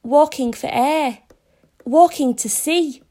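A woman's voice: sits high, slow pace, warm tone, a little hiss or hum, pitched above the performer's own voice. A woman voicing a polite, mild-mannered man, a writer who answers a police voice simply in a storybook reading. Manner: polite, simple, then protesting. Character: mild, polite middle-aged male writer out walking.

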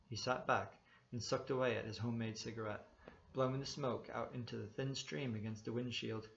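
A man narrates a story in an even, measured way, his voice carrying a gravelly rasp. The sound is dull and lo-fi, with the highs rolled off. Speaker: audiobook reader. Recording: dull lo-fi recording.

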